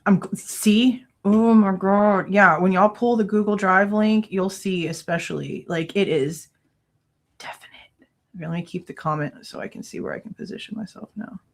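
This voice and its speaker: A woman's voice: medium pitch, normal speed, vocal fry, hardly any pauses, slight background noise. A woman hosting a casual true crime livestream from home, exasperated and ranting, swearing loosely and thanking viewers between complaints. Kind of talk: casual livestream reaction chat. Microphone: no headphones, desk mic.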